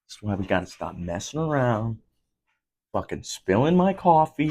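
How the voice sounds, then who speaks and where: A man's voice: very animated, moderate pace, gravelly, darkish tone, slight background noise. A man in his twenties, hosting a solo podcast from home. He rants casually, swears constantly, and his voice jumps up sharply when he gets worked up. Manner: profane, heated ranting with sudden jumps up in pitch. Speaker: podcast host.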